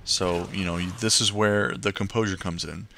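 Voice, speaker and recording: A man's voice: low voice, steady tone, moderate pace, creaky, bright, forceful tone, slight background noise. A young man giving casual, rambling gameplay commentary and tips, full of fillers and restarts.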